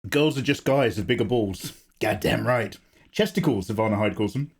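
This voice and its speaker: A man, slightly hoarse from a cough, casually chatting and joking with viewers while he draws on a live stream. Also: on the low side, normal speed. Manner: chatty, joking, greets chat by name. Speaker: art streamer.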